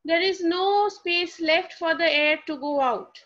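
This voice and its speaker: This is a phonetics lecture for students, captured in a dull, lo-fi recording. The lecturer, a woman with a very high-pitched and somewhat bright voice, speaks at a measured pace, spells words letter by letter, and answers the questions she poses herself.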